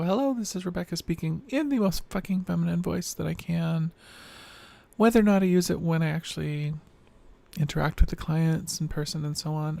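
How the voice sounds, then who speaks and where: This is a woman whose low, androgynous voice still comes across as mostly male, with a rough, fry-laden edge. She talks in a loose, rambling video-diary way, reflective and self-deprecating. She sounds worn out, as if recording at the end of a long day. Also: warm tone. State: tired, late at night.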